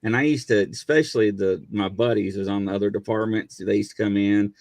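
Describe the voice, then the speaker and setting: A middle-aged man and former police officer telling stories in a casual chat, acting out quotes in high voices. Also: fairly quick, gravelly, dry recording. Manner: animated storyteller, acts out quotes in high voices.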